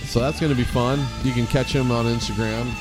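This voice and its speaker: A man's voice: mid-range voice, fairly even intonation, fairly quick, loud music behind the voice. A man co-hosting a casual comedy podcast, wry in his banter and wrapping up with show plugs. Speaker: podcast co-host.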